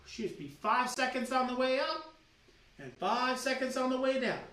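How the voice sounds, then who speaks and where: Male doctor leading a lively health seminar, preachy, with teasing rhetorical questions, heard from a distance in an echoey room. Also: very high voice, moderate pace. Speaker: doctor giving a health training. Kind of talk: energetic seminar-style health talk. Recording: roomy sound with the mic at a distance.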